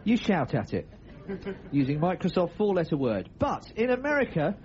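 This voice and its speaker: A man's voice: high-pitched, very animated, normal speed, lo-fi sound, background noise. A man hosting a comedy radio show, telling odd news stories with playful, laughing patter. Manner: playful, laughing, jumps into funny voices. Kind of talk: jokey comic radio patter.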